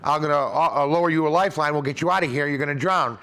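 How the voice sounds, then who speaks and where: A man voicing a helicopter rescuer who calls down a lifeline, with halting pauses. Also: a little high, bright, forceful tone, clean tone. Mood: calling out.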